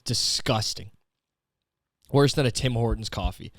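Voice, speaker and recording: A man's voice: medium pitch, lively intonation, normal speed, fairly bright tone, no echo, clean studio sound. A young man from Canada hosting a comedy podcast, talking in a profane, rambling, slang-heavy rant. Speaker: podcast host.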